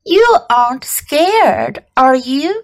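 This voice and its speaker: A woman's voice: high voice, sing-song, takes it slowly, dry recording, studio quality, full character voice. A woman reading a storybook aloud, voicing a breezy, teasing girl customer.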